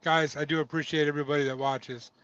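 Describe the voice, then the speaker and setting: A man hosts a casual trucking livestream, chatty as he reads viewer comments and laughs often. His high-leaning voice is fast and flat, and the dull, dry lo-fi audio is very noisy.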